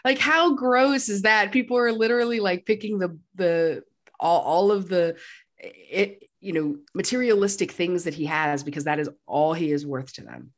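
A woman's voice: on the low side, moderate pace. A woman co-hosting a podcast, chatting casually and animatedly about a film and laughing often. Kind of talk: casual chat recapping a film.

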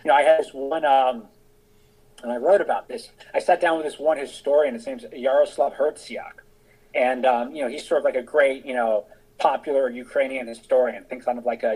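A man's voice: mid-range voice, fairly even intonation, fairly quick, a little mellow, husky, low-quality recording. A middle-aged American man, a guest on an interview podcast, explaining his views in a discursive, thinking-aloud way. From United States. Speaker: guest, author and veteran.

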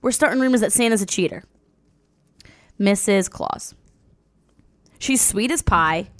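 A woman's voice: mid-range voice, expressive, unhurried. A young woman co-hosting a crude comedy podcast, teasing her co-host, laughing often and reading horoscopes aloud. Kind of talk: crude comedic casual chat.

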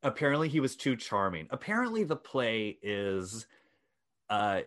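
A man with a fairly low voice tells a co-host a gossipy old-Hollywood story in a casual, wry and dry way, putting on mock posh voices for the people he quotes. He's very animated, speaking a little slowly with a slightly bright tone.

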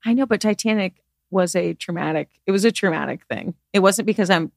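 A woman's voice: medium pitch, a little fast, gravelly, darkish tone, no room sound, clean studio sound. A woman co-hosting a casual podcast chat, earnest and emotional, gushing about her friend and the show. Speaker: podcast co-host.

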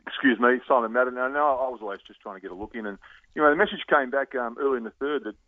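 A middle-aged Australian man, a former footballer, telling lively stories with laughs and restarts in a phone interview. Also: mid-range voice, no echo. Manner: lively anecdotal, laughs often, halting restarts. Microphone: phone line. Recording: tinny phone line.

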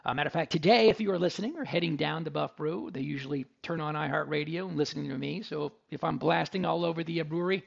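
A man's voice: on the high side, quick pace, gravelly, hardly any pauses, lo-fi sound. A man hosting a radio tech show, chatting casually and joking with puns. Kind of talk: casual radio talk with ad reads.

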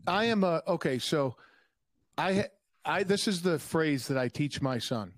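A young adult man telling profane, animated stories in a casual podcast chat. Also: on the high side, a little slow, no room sound. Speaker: podcast guest.

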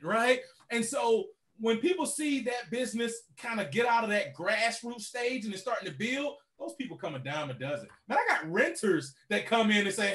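Man with a high voice, animated business-owner guest, keeps checking in with "right?". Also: moderate pace, few pauses. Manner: animated, keeps adding "right?" to his points. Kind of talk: casual podcast conversation.

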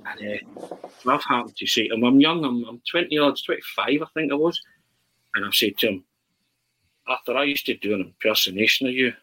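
Scottish guy spinning a yarn, bright husky voice, jumps into fake commentary bits. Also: mid-range voice, brisk, poor audio. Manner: animated storyteller, bursts into mock football commentary. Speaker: podcast guest. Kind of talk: casual storytelling.

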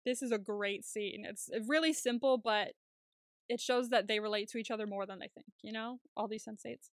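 A woman co-hosting a podcast, giving a casual, animated recap of a TV episode and acting out scenes with laughs. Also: on the high side, normal speed, no echo, studio quality. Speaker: podcast co-host.

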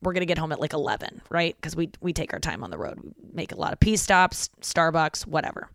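A woman hosting a podcast, telling a story in a lively, rambling way full of "like" fillers. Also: sits low, fast talker, creaky, dry recording, clean studio sound. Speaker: podcast host. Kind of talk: casual comedic storytelling.

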